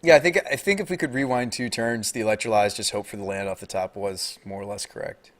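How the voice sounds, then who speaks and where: An American man calls his own card game live, chatting loosely with his viewers. When the match turns, he gets loud and shoots up in pitch, pleading at his opponent. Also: quick pace. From United States. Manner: excitable, talks to chat and opponent, gets loud and high when tense.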